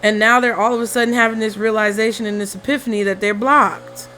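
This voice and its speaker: She speaks fast in a fairly high, steady voice with a sharp edge, doing an informal tarot reading at home and swearing freely as she reasons through the cards. Faint music sits behind her, along with distant street and traffic noise from an open window.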